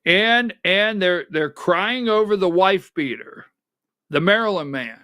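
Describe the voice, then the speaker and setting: A man's voice: high-pitched, lively intonation, a little slow, pushed and bright, smooth, no echo, clean studio sound. A man hosting a conservative political talk show, giving sarcastic, emphatic commentary and calling directions to his producer.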